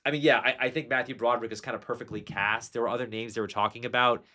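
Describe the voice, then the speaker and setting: A man of ordinary pitch chats about movies as a podcast host. He talks with eager enthusiasm, circling back on himself with fillers and restarts, and sounds relaxed. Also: racing. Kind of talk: casual film discussion.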